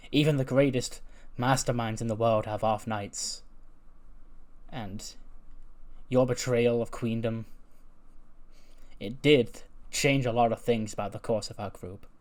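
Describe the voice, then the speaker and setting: Guy reading out a lady wrestler's taunt promo, slow and dramatic. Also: medium pitch, fairly even intonation, a little mellow, close to an everyday voice. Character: scheming woman wrestler trash-talking a rival.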